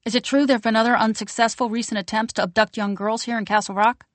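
Woman doing a pushy male reporter, insistent questions, raised and louder voice, dry close sound. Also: a little high, fairly even intonation, fast talker, dry recording, voice pushed up, close to an everyday voice.

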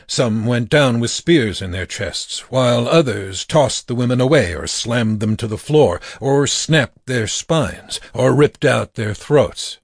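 A man narrating an audiobook in a slow, measured reading. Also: lowish voice, no room sound, clean studio sound. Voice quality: gravelly, husky.

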